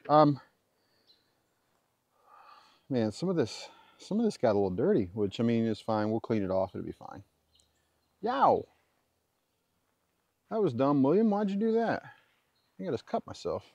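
A man's voice: mid-range voice, a little mellow, no echo. A man casually talking through a hands-on butchering job, rambling and correcting himself as he goes. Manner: rambling, self-correcting, chatty asides. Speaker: homesteader demonstrating butchery. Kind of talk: casual how-to commentary while working.

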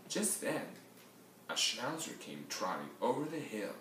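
A man reading a picture book aloud in a lively storybook manner, adding sound effects. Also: medium pitch, a little slow, slight background noise. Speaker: reader. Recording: echoey room, mic far off.

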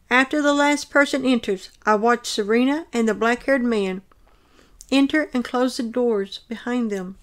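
A woman earnestly reading aloud a detailed account of her own dream in a measured, descriptive way. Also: a little high.

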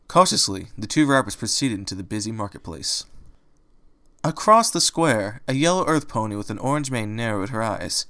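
A man's voice: lowish voice, expressive, normal speed, sharp tone. Man narrating a fan audiobook. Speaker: reader.

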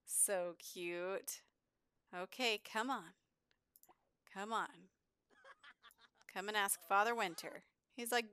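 A woman's voice: medium pitch, measured pace, long pauses, bright, forceful tone, clean tone, no room sound. A woman giving chatty, giggly gameplay commentary as a gaming YouTuber.

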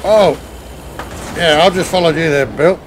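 A man's voice: on the high side, unhurried, background noise. An Australian man hosting a live game stream, chatting casually with friends and reading out viewer comments as he drives. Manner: chatty, reads and answers chat while driving. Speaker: streamer leading a truck convoy.

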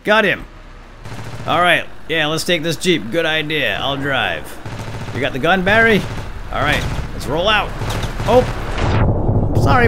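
A man giving casual, excitable gameplay commentary, joking with his teammates as he plays. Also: on the high side, a little slow, long pauses, noisy background. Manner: excitable, jokey, talks to teammates. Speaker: let's play gamer. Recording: game music behind voice.

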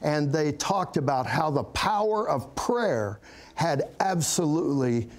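A middle-aged man speaks as a pastor giving his testimony. He takes his time, his voice sitting a little high, and he tells it earnestly, like a story. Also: sing-song, unhurried. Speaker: pastor, guest. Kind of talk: testimony interview.

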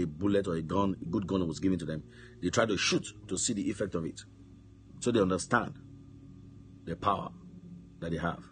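A man preaching a sermon, telling stories and now and then shouting out commands, with repeated words. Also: sits low.

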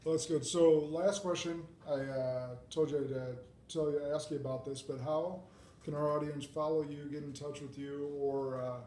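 Male podcast host, mid-pitched, casual and hesitant, echoey room, faint rumble. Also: steady tone, normal speed, warm tone. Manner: casual, hesitant, many fillers. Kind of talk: casual interview talk.

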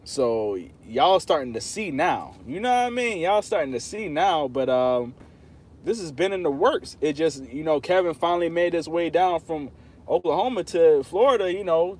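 A man's voice: on the high side, a little mellow. A man hosting a casual livestream, talking straight to his viewers in a playful, insistent way. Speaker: channel host talking to live chat.

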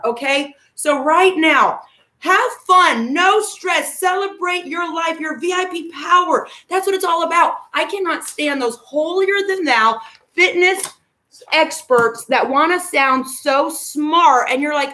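A woman's voice: high voice, lively intonation, a little slow, bright, forceful tone. A woman fitness coach giving an upbeat, emphatic motivational talk, greeting viewers by name as she goes.

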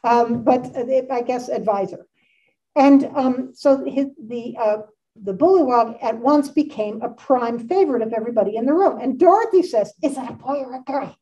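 A woman's voice: a little high, moderate pace, mellow. Chatty older woman lecturing from afar. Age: 60s. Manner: chatty and enthusiastic, with frequent asides. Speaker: art history lecturer. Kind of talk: casual illustrated lecture. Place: community center meeting room. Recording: distant, dull room recording.

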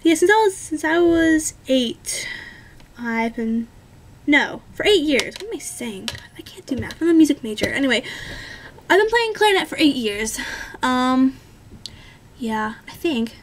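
Chatty high-voiced young woman vlogger. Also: expressive, a little slow. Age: 20s. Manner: chatty and rambling, many ums and self-corrections. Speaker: vlogger answering viewer questions. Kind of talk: casual chat.

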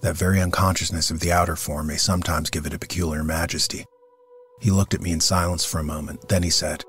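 A man narrating a classic paranormal audiobook in a measured, solemn, steady reading. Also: low-pitched, soft background music. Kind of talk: scripted narration.

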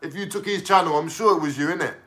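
A young man with a London accent rants straight to his viewers, mocking and dropping slang and swear words as he goes. His voice sits a little high and comes out bright, forceful and sharp. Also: fast talker. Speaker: vlogger. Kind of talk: casual ranting to camera.

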